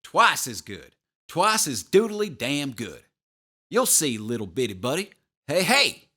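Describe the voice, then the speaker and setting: A booming, back-slapping gym-teacher dad from an audiobook, as a male narrator puts him on, all loud jovial cheer. His voice jumps high and loud on the exclamations, lively and pushy. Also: a little slow, heavily acted. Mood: hearty. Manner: loud, jovial big-pal voice.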